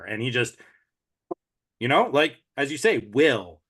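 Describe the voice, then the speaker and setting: Male co-host, mid-pitched, energetic and slangy, talks like a coach firing up his team. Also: unhurried, breathy edge. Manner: hype-driven, slangy, trailing off quietly. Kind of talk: casual chat.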